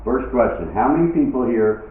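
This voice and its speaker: A man's voice: mid-range voice, expressive, a little fast, slight background noise. A man doing live stand-up, telling stories in a chatty, punchy way and acting out the scenes. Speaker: stand-up comedian. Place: live venue with an audience. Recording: echoey venue, distant phone-like mic.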